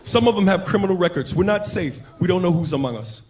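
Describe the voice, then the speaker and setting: A man voicing a grumbling middle-aged man griping slowly in a whiny tone. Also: high-pitched, animated, a little mellow. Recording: live club recording, crowd and noise.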